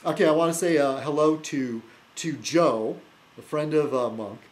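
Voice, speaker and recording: A man talking casually to camera as a video blogger, rambling and teasing, halting often with fillers and restarts and chuckling to himself. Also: on the high side, slight background noise, rough recording. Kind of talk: rambling casual vlog chat.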